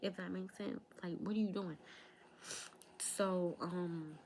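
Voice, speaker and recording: A woman's voice: lowish voice, steady tone, moderate pace, gravelly, a little mellow, slight background noise, poor audio. A young woman telling a personal storytime to her viewers, chatty, talking straight to them and slipping into whispered asides. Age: young adult. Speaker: vlogger. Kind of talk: storytime vlog.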